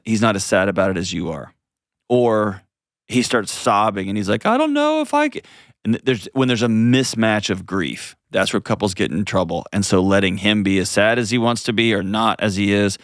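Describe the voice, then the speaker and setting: Low-voiced man coaching a caller. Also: no room sound, clean studio sound. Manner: earnest, gently coaching, often restarts sentences. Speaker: host. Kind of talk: advice call-in show.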